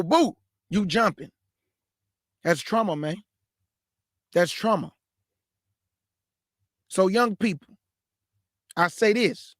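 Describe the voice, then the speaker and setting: Fervent high-voiced man preaching. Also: dry recording, studio quality. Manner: fervent and repetitive, calls listeners man and family. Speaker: host and preacher. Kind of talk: live exhortation to young people.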